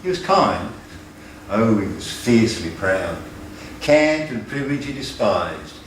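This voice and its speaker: Older Australian man reciting verse slowly. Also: very animated, slight background noise. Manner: rhythmic, emphatic recitation dropping low on refrains. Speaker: folk performer. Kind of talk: reciting verse at a folk concert. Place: folk club. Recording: roomy, distant live recording.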